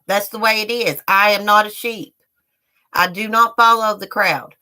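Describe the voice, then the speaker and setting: A woman's voice: mid-range voice, lively intonation, a little slow, bright, forceful tone. A middle-aged woman on a live stream, ranting angrily at her viewers with heated, profane talk. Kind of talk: angry live-stream rant.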